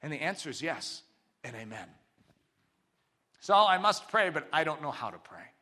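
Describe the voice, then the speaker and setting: A man preaching a sermon, swinging between loud, forceful exclamations and quiet, intimate asides. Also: a little high, very animated, normal speed. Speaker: pastor.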